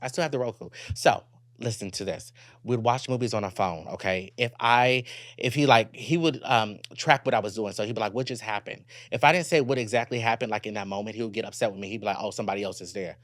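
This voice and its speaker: A young man hosting a solo podcast, telling a personal story in a candid, profane, animated way and talking straight to his listeners. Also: fairly low pitch, quick pace, no echo, clean studio sound. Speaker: podcast host.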